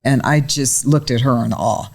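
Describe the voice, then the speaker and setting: A woman co-hosting a talk show, telling stories in a lively, animated way. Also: extremely low pitch, moderate pace. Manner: animated, storytelling. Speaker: guest co-host. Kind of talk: casual chat.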